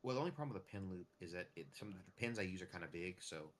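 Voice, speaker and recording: This American man from the United States has a low voice with lively intonation and rapid-fire delivery, plus a faint hiss or hum. He's streaming a farming game and chatting casually, rambling with lots of fillers and restarts.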